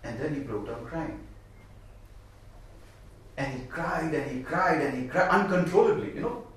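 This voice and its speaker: A man tells a story in a spiritual talk, pressing his points with repeated phrases. His voice sits somewhat high. It comes from a distance in a strongly echoing room. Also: moderate pace. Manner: animated, emphatic, with repeated phrases. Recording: echoey room from far off.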